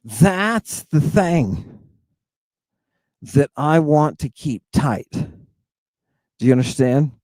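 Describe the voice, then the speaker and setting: A man hosts a slow, deliberate lecture straight to his audience, his voice sitting a little high. He hammers each point with repeated checks like "right?" and "do you understand?", and often stalls in restarts and drawn-out fillers. The sound is dry and close. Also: animated, darkish tone, no room sound. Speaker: host. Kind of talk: lecturing monologue to viewers.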